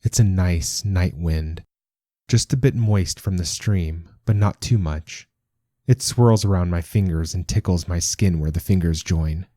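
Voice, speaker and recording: A man reading a short story aloud as narrator, in a calm, measured telling. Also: sits low, dry recording, studio quality. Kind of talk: scripted narration.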